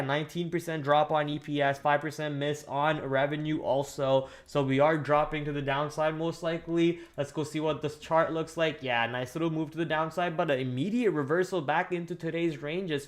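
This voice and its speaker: A man hosting a live stock trading stream with a slight lisp, talking casually and thinking aloud as he goes through levels, often correcting himself. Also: a little high. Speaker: stock trading livestream host. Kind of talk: casual live market recap.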